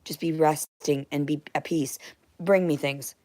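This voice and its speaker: A young woman in a rambling, emotional monologue, blunt and profane, jumping between loud outbursts and hushed whispers. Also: low-pitched, steady tone, measured pace, dry recording, studio quality. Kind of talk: rambling monologue to unseen listeners.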